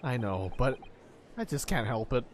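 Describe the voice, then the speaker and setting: A man voicing an anxious, earnest young lawyer in low, worried inner monologue while reading a game aloud. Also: big pitch swings, normal speed, a little hiss or hum, lightly acted. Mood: nervous.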